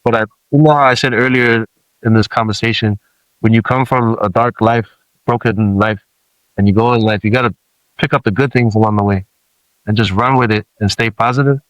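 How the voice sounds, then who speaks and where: Samoan guy on a podcast, low voice, dry close sound, earnest and thoughtful, lots of restarts. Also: steady tone, brisk, no room sound, highs cut off. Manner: reflective, earnest, with frequent restarts. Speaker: podcast guest. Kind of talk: candid podcast conversation.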